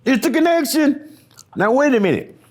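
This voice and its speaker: A man telling his own story in an interview, raw and profane, dropping to hushed near-whispers and then rising into animated storytelling. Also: very high-pitched, moderate pace. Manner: profane and repetitive, restarting phrases. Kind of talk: confessional interview monologue.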